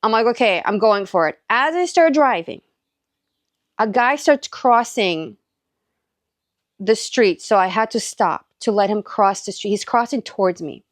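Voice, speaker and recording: This woman's voice runs on the high side and is expressive, a little slow, with long pauses. She's a mother from Southern California and a faith and encouragement vlogger, casually recounting a personal story with lots of "likes" and quoted dialogue, recorded dry and clean in a studio.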